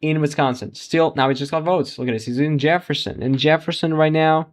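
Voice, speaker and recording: Male livestream host, casual live results commentary, halting and chuckling. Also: on the high side, steady tone. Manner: thinks aloud, restarts sentences, laughs at surprises.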